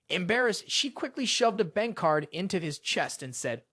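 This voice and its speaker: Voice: mid-range voice, big pitch swings, normal speed, few pauses, a bit bright, dry recording, studio quality. A narrator telling a drama recap in a scripted storytelling style.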